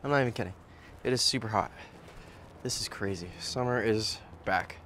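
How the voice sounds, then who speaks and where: A man casually vlogging outdoors as he tends his birds, loose and slangy, breaking into a high cooing voice when he talks to them. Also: normal speed, fairly bright tone, slight background noise. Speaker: vlogger, bird keeper. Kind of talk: casual vlog chat. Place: outdoor backyard cage area.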